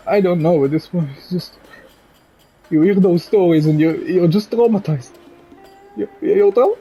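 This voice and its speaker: A young man from Israel, crying as he speaks straight to camera, halting and repeating himself, swearing as his voice breaks. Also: sits high, husky. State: crying, choked up. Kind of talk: emotional direct-to-camera monologue. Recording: dull lo-fi recording.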